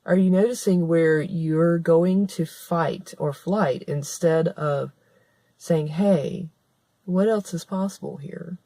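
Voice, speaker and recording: With a lowish, mellow voice and a slow pace, an author and vlogger talks straight to camera in a spoken-word monologue, recorded with no room sound. She is earnest and conversational, restarting sentences and repeating points for emphasis.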